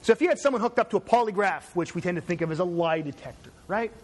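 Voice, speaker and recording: A man's voice: high voice, fast talker. Chatty Canadian man lecturing. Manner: conversational, digressive, frequent "right?" checks. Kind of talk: university lecture.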